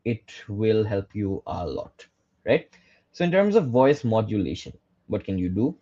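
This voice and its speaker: A young man with a Bangladeshi accent teaches a workshop on public speaking in a mellow, dark-toned voice. He keeps asking questions and answering them himself, often tagging "right?" onto his points. The recording sounds dull and lo-fi. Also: on the low side, very animated, unhurried, breathy edge. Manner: mixes in Bengali phrases. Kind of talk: workshop lecture.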